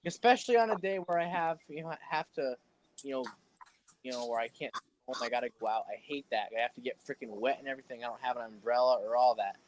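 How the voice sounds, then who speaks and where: A man's voice: medium pitch, fast talker, a little hiss or hum, rough recording. A man hosting a casual livestream chat, grumbling and repeating himself over a voice-call mic. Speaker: livestream host.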